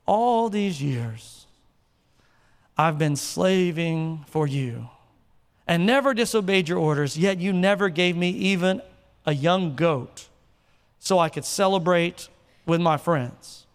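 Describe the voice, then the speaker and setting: A man's voice: on the high side, animated, slow pace, clear, resonant tone, voice pushed down. A man voicing a sulking, self-pitying older brother with an indignant, whiny manner, heard in a reverberant hall. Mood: resentful.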